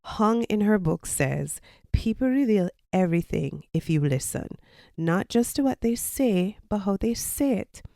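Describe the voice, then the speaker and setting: A woman's voice: mid-range voice, expressive, measured pace, vocal fry, mellow, no room sound, studio quality. A Jamaican woman, a podcast host and college lecturer, giving casual advice in an explanatory, teacherly way. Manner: explanatory, teacherly, with personal anecdotes.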